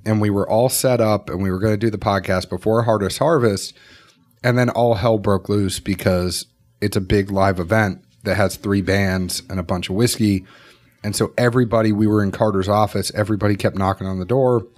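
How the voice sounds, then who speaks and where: A man's voice: fairly low pitch, steady tone, brisk, a little mellow. A man hosting a podcast, telling stories in a casual, joking way. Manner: storytelling, jokey. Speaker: podcast host. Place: distillery office.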